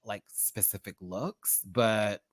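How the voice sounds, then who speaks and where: A man hosting a live review stream in a campy, expressive, chatty manner, laughing often. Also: fairly low pitch, takes it slowly, no room sound, studio quality. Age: adult, remembers childhood. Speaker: host reviewing a TV competition. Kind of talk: live-stream commentary chat.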